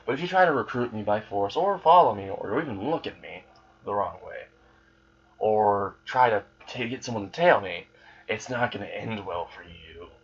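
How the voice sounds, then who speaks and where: A man voicing an arrogant young male demon who is tired of his fans, speaking with casual sarcasm and quiet menace. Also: medium pitch, expressive, moderate pace, highs cut off. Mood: smug.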